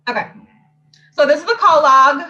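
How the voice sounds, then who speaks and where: A woman in her twenties telling a story in casual chat, blunt, profane and animated. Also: high voice, dull audio. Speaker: host.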